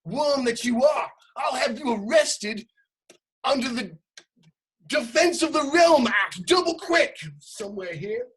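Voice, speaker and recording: A woman's voice: high voice, sing-song, unhurried, creaky, husky, full character voice. A woman playing a pompous, blustering male aristocrat official with a put-on upper-class English accent, in a comic stage reading. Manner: indignant, self-important, prone to outbursts. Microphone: home setup, remote quarantine recording.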